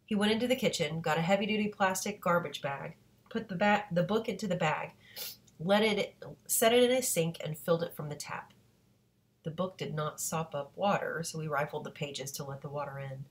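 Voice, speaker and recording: A woman reads a novel aloud in a fairly low voice, keeping an even, steady pace. Now and then she catches a slip and corrects herself before moving on. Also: normal speed. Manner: steady reading with occasional self-corrections. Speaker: audiobook reader.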